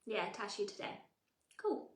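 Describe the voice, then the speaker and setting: A mindset coach from England, a woman in her thirties with an English accent, gives a live workshop talk in a chatty, emphatic style, often checking in with viewers by asking "right?". Her mid-range voice swings widely in pitch at a slightly slow pace, and the recording has a roomy echo.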